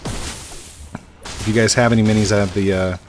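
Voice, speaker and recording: A man's voice: fairly low pitch, fairly even intonation, moderate pace, a little hiss or hum. A man hosting a casual gaming session with friends, joking around and calling out the loot he finds over voice chat. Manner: joking, sings silly songs, calls out loot. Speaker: gaming channel host.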